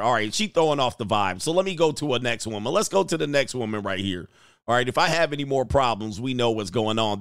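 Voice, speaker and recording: A man's voice: medium pitch, fairly bright tone, no echo, studio quality. Joking slangy man streaming reactions. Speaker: host reacting to clips. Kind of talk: casual livestream commentary.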